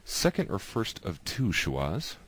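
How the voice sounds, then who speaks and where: Very deep-voiced man teaching patiently. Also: wildly swooping pitch, a bit bright, slightly rough, no room sound. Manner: patient, repeats examples slowly. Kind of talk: explanatory lesson.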